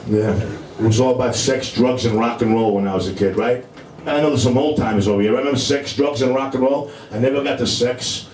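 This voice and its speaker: A middle-aged man with a thick New York accent works a stand-up crowd, rambling and streetwise, leaning on "you know" every few words. His voice sits at an ordinary pitch and bounces around a roomy club. Noisy room ambience hangs behind him. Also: fairly even intonation, fairly quick, darkish tone, far from the mic. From Brooklyn, New York. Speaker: stand-up comedian. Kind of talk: stand-up comedy set. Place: comedy club in front of a live audience.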